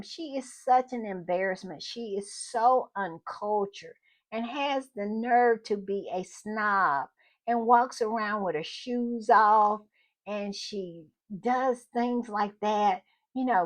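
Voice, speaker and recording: Slow-talking chatty woman. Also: mid-range voice. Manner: chatty, gushing, addresses viewers as y'all. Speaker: channel host. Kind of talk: casual commentary vlog.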